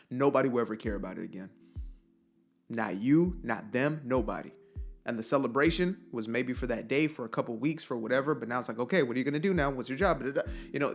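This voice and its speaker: A young man speaks earnestly in a casual motivational monologue at a mid-range pitch. He tells stories and asks rhetorical questions. Soft music plays faintly behind him. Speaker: motivational vlogger.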